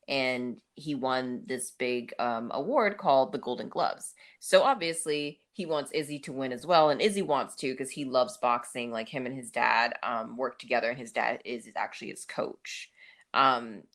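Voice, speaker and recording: A woman's voice: extremely low pitch, a bit bright. A woman co-hosting a podcast, recapping a movie in a chatty, casual way with plenty of fillers. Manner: chatty, many fillers and laughs. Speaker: podcast co-host.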